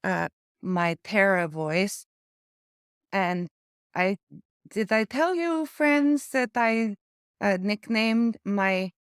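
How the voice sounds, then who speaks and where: A woman with an Eastern European accent, talking in a casual vlog, halting and searching for words with small stutters, living with aphasia after a stroke. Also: medium pitch, lively intonation, clean tone, dry recording, studio quality. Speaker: memoir vlogger.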